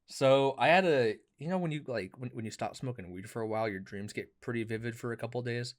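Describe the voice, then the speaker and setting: A man's voice: mid-range voice, fast talker. Crude, joking young male podcast co-host. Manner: crude, joking, laughs often. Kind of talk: casual chat. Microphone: webcam.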